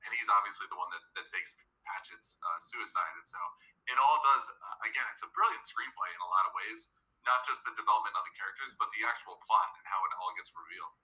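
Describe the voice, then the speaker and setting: A man co-hosting a podcast, talking about a film in a quick, chatty way with frequent fillers. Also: lowish voice, bright, forceful tone, rough recording. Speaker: podcast co-host. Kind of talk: casual film discussion.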